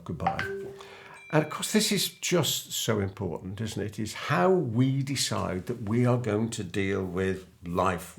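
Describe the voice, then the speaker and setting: A man's voice: on the low side, creaky. An older man, a business coach, telling an anecdote to camera and acting out remembered dialogue. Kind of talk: storytelling monologue to camera.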